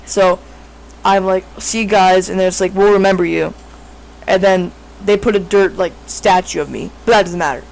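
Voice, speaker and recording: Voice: medium pitch, fairly even intonation, moderate pace, gravelly, rough recording. A speaker telling a made-up story in a casual, improvised way, rambling with lots of fillers and frequent self-corrections.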